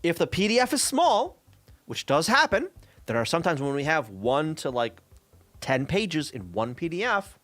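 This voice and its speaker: Exasperated swearing man with a lively voice. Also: a little high, moderate pace, no room sound. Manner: exasperated, swears freely, many fillers and 'right?'. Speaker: streamer. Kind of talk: casual profane rant about programming.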